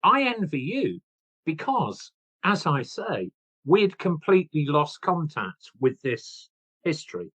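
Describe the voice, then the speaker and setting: A man in his sixties, an author guest, telling his story in an animated, chatty way and laughing at himself. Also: on the high side, muffled recording. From England. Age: 60s. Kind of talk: casual interview chat.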